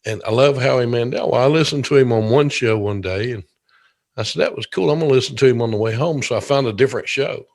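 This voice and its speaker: A man hosts a relaxed interview show. He talks in a loose, rambling way, full of fillers and restarts. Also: medium pitch, fast. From Georgia, USA. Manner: easygoing, rambling, many fillers. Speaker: podcast host. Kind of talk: casual interview chat.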